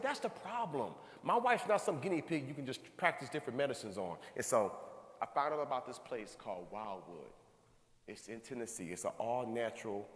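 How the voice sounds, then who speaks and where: A man in his thirties giving a motivational talk to a live audience, telling a personal story with animated, acted-out reactions. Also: medium pitch. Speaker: speaker. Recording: echoey hall, long reverb.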